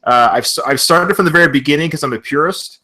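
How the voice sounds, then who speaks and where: A man's voice: a little high, fast, sharp tone. Chatty Canadian-raised man hosting a podcast. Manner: laughs often, chatty and effusive. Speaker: podcast host. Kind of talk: casual podcast chat.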